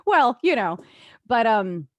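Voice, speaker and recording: A woman in her late thirties hosting an interview, friendly and quick to laugh in casual chat. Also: a little high, sing-song, no echo. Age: 30s. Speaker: interview host.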